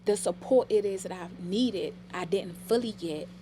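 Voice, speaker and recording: A middle-aged woman speaks in a casual podcast chat, recounting family memories with open emotion. Her voice sits at an ordinary pitch, and a faint hiss runs under it. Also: moderate pace, dark tone. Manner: emotional, storytelling. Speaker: podcast guest.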